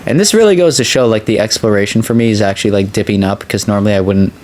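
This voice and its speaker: Low-voiced guy rambling through a game, excitable, faint noise behind. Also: quick pace. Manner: chatty, excitable, voice jumps high when excited. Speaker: let's play host. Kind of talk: casual gameplay commentary.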